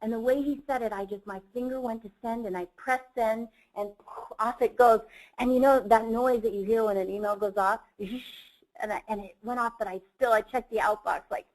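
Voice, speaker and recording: A woman's voice: medium pitch, moderate pace, low-quality recording. Middle-aged woman ceo doing a motivational seminar, earnest personal storytelling. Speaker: company CEO and seminar presenter.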